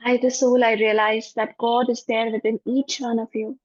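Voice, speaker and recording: Gentle Indian-English woman guiding meditation. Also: on the high side, flat delivery, dry recording. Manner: gentle, soothing, repeats phrases slowly. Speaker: spiritual teacher. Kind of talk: online class and guided forgiveness meditation. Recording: dull, dry lo-fi audio.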